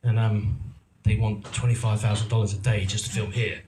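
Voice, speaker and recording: A man's voice: fairly low pitch, little pitch movement, fairly quick, roomy sound, noisy background. Rambling middle-aged man at a live event. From England. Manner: rambling and self-mocking, many ums and restarts. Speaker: actor and producer giving a talk. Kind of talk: casual storytelling to a live audience. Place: event venue in a roomy hall.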